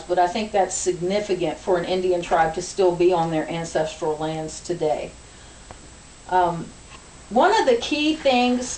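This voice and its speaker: A woman giving an informative class speech, measured and explanatory, with frequent ums. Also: on the low side, darkish tone. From Virginia. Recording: distant, echoey room with hiss.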